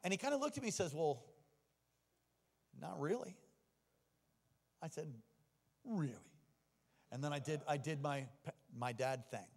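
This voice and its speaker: A middle-aged man preaching a sermon, telling personal stories and moving from hushed confession to stirring exhortation. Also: fairly high pitch, sing-song, fast. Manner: personal storytelling that swings from quiet to exhorting. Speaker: pastor. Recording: long reverb of a large hall.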